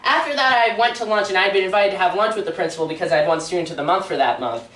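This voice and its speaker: A woman's voice: medium pitch, rapid-fire, a bit bright, slight background noise. Rambling teenage girl doing stand-up. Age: teens. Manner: rambling, self-deprecating, laughs at own jokes. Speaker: student stand-up comedian. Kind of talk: stand-up comedy routine. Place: local theatre stage. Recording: echoey room from far off.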